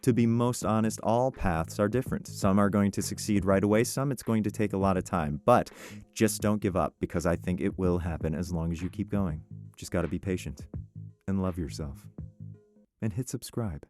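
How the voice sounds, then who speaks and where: A man's voice: sits low, normal speed, a little mellow, faint music behind. A voice actor, a man, giving upbeat and encouraging career tips in a casual, conversational way. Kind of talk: casual advice vlog.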